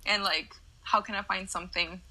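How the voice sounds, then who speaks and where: A woman's voice: medium pitch, steady tone, fairly quick, pushed and bright, husky, low-quality recording. A young woman whose first language is Spanish, co-hosting a casual podcast and explaining things earnestly. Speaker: podcast co-host. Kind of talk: casual chat.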